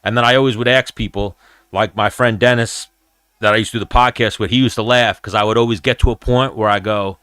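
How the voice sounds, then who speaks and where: Bright-voiced man telling fight stories. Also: on the low side, fast, smooth, no room sound. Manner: animated, profane storytelling. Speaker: live-stream host and former fighter. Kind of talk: casual live-stream fight chat.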